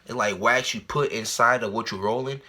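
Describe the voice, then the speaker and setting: A young man telling a casual storytime vlog, rambling and repeating himself in slang, and jumping to loud, high-pitched panic when he acts out scenes. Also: fairly quick. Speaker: vlogger.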